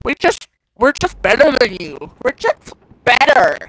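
A man's voice: big pitch swings, a little slow, a bit bright, low-quality recording. Teasing man gaming with friends. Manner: teasing, playful, slips into mock high and low voices. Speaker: gamer. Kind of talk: casual chat while gaming.

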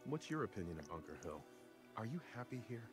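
A man's voice: lowish voice, very animated, quick pace, soft background music. An actor voicing a blunt, skeptical male player character in a video game, questioning a job applicant. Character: blunt skeptical male survivor, interviewing hires.

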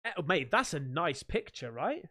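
A man chatting on a livestream, bursting with excitement and casual slang. His voice leaps up and down in pitch as he chats with viewers. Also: normal speed. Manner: excitable, slangy, swearing, laughs a lot. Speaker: livestream host. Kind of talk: casual live-stream chat.

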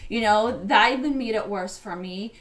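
A woman speaking emotionally to her channel's viewers, rambling and halting with many fillers. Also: medium pitch, fairly bright tone. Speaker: psychic YouTuber. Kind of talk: vlog-style reading intro.

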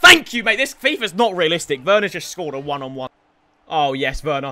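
A young man giving excitable commentary over his own football video game matches, shouting at players and swearing. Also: fairly high pitch, moderate pace, slight background noise. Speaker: gaming YouTuber. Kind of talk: gameplay commentary.

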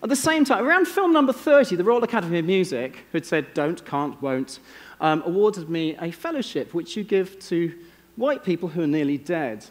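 A man's voice: sits high, expressive, normal speed. An English man giving a keynote talk on a conference stage, telling wry, self-deprecating stories. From England. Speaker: conference speaker. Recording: long reverb of a large hall.

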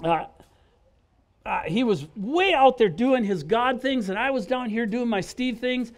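A middle-aged man, speaking as a guest at a church service outdoors in a park, tells his testimony at a measured pace. His high-set voice is expressive and his manner animated and conversational, full of acted-out quotes and repeated "right?" check-ins with the crowd.

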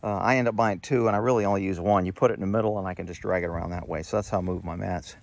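A man talking casually outdoors at his horse paddock, explaining things step by step in a relaxed, chatty way. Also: sits low, very fast, creaky. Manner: chatty, explains step by step, scolds pets playfully. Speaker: horse owner vlogger.

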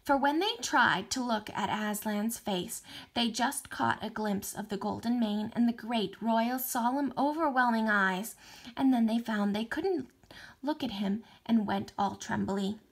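A woman teacher reading a novel aloud for distance learning, expressive, with small slips and restarts. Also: a little high, a little slow, breathy edge.

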